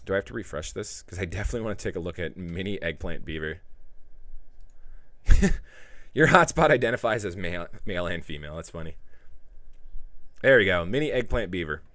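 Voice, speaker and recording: A man's voice: deep voice, animated, fast talker, fairly bright tone, dry recording, clean studio sound. A man hosting a casual livestream, chatting loosely with viewers and reading out their messages. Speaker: livestream host.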